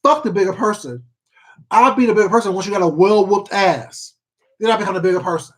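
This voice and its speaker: A mukbang YouTuber from Washington State, a man with a notably high voice for his sex, talks fast in a fairly bright tone while eating on a livestream. His rant is blunt and profane, driving points home through repetition, and he pauses now and then to greet viewers by name.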